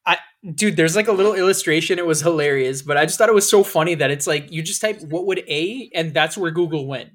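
A man chatting on a casual podcast with a slightly high voice. He talks fast, laughs a lot and swears freely. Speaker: podcast co-host.

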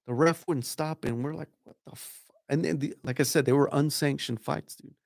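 Rambling, profane podcast guest. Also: male voice, a little high, fairly even intonation, brisk, creaky, a little mellow, no room sound, studio quality. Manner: rambling, profane storyteller, lots of "dude". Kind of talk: casual chat.

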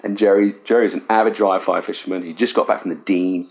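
A middle-aged English man, a fly casting instructor, telling an animated, self-deprecating story in a casual interview in a cabin. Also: sits low, fast. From England. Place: riverside cabin.

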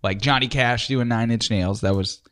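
A man's voice: medium pitch, moderate pace, fairly bright tone, no room sound, studio quality. A man co-hosting a podcast, chatting in an easygoing way and laughing along. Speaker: podcast co-host. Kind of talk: casual chat.

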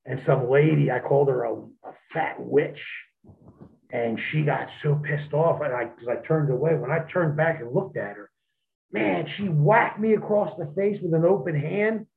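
A man, a wrestler, telling profane, animated stories as an interview guest over a phone line. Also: fairly high pitch, moderate pace, creaky. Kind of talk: storytelling in an interview.

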